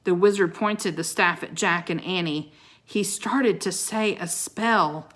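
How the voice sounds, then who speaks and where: A woman reading a children's book aloud with dramatic expression, pausing to show the pictures. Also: on the low side, fairly bright tone. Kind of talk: expressive read-aloud storytelling.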